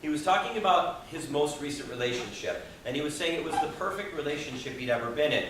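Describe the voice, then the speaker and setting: Male motivational speaker, bright tone, high-ish voice, echoey hall-like room from a distance. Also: fast talker, slight background noise. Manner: expressive, acts out quoted people, audience questions. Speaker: Toastmasters speaker. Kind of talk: motivational speech to a live audience. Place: meeting room with audience.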